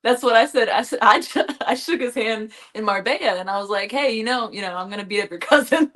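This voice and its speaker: A woman's voice: fairly high pitch, fairly quick. Laughing woman guest on a podcast. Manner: laughs often, relaxed and candid. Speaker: guest fighter. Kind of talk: casual interview chat.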